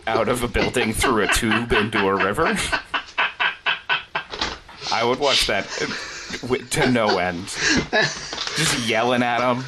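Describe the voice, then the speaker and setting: A man co-hosting a podcast, agreeable and quick to laugh, trading jokes in casual chat. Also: medium pitch, heavy background noise. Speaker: podcast co-host.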